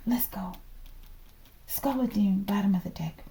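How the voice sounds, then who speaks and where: Slow-ish and creaky, her mellow mid-range voice pauses often as she reads tarot casually, musing aloud with plenty of sighs and laughs. Now and then she whispers asides to her viewers, whom she often calls the collective. A little hiss or hum sits under the audio.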